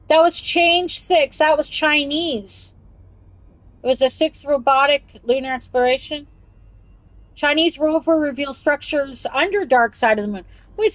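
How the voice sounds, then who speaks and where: A woman with a high, slightly bright voice hosts a casual chat show podcast, heard on poor audio with no room sound. She reads news aloud, then rambles off on tangents, giggling and talking over herself.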